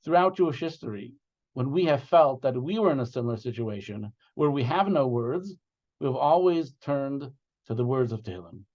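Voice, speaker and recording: A man's voice: mid-range voice, expressive, a little mellow. Earnest man on a muffled video call. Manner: earnest, heartfelt, measured. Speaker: rabbi leading a prayer gathering. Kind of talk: addressing an online gathering, then reciting psalms.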